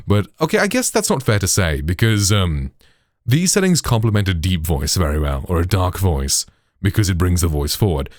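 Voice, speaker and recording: A British man with a very deep voice walks through his settings in a relaxed tutorial, peppering his talk with "like", "you know" and "right". He sounds close and dry, recorded on a processed studio microphone with no room echo. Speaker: tech tutorial host. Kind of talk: casual tutorial explanation.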